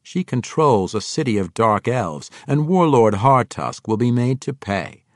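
A man voicing a sly, amused male dark elf mercenary with a smooth, unbothered way of talking. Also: medium pitch, sing-song, a little slow, no room sound, clean studio sound. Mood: scheming.

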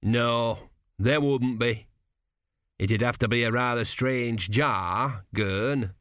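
A tired, patient veteran embalmer, voiced by a male narrator, answers in slow, unhurried words. He sounds worn but calm, close to the narrator's own voice. The booth is dry. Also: mid-range voice, clean tone, no room sound. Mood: weary. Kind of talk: audiobook character voice.

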